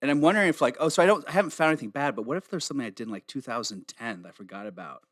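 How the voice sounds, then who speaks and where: A man spins a long, profane story on a podcast, animated and quick to laugh at himself. His voice sits in a middling register. It is recorded close and dry, with no room sound around it. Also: mid-range voice, no room sound. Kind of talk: casual podcast chat, storytelling.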